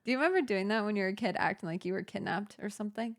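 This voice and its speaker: A woman's voice: mid-range voice, rapid-fire. A young woman hosts a laid-back podcast, trading memories with her sister. She rambles through stories with a giggly, chatty delivery and a mid-range voice. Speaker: podcast host. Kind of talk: casual sister chat.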